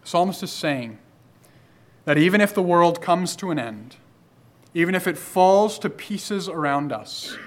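A man delivering a sermon in a slightly raised, carrying voice. He stacks repeated phrases to build intensity, then slows right down to land the key lines. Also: high-pitched, fairly bright tone. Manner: emphatic, rising on repeated phrases, slowing to stress key lines. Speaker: preacher.

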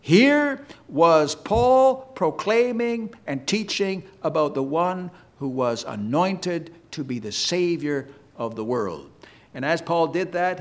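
Slow, emphatic preaching man. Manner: emphatic, slow preaching cadence with sweeping pitch. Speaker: pastor. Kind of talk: sermon.

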